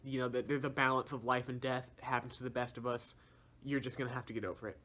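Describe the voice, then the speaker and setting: A man plays a laid-back god of light who turns people down in easy slang. His tone is a touch low and soft, and he never sounds grand. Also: level tone, quick pace, lightly acted. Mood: dismissive. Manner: breezy, slangy, offhand.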